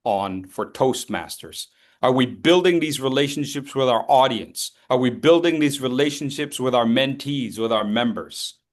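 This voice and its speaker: A man giving a motivational talk at a speaking club, emphatic, repeating key phrases and asking the audience rhetorical questions. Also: mid-range voice. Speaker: education session speaker.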